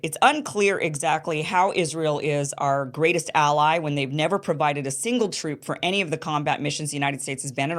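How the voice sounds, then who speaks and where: A woman delivering an emphatic, indignant political commentary monologue, often breaking off and restarting her sentences. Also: lowish voice.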